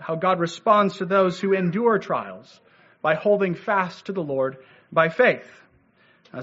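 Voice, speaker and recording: A man preaching an expository sermon as pastor, measured and teaching, with frequent "uh" fillers and asking "right?" to the congregation. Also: fairly high pitch, sharp tone. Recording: dull lo-fi audio.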